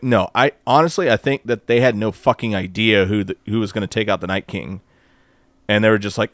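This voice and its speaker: A man co-hosting a podcast in casual chat, animated and profane, mocking others in quoted voices. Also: lowish voice, moderate pace, dry recording. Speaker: podcast co-host.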